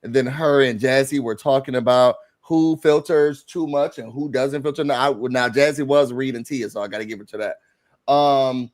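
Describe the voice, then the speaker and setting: A man hosting a live show recap, chatting casually and acting out quotes with sudden loud bursts. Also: medium pitch, normal speed. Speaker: host.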